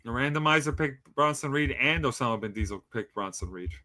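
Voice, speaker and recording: A man co-hosting a casual wrestling predictions podcast, excitable and teasing, laughing as he talks. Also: mid-range voice, a little fast. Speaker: podcast co-host giving predictions.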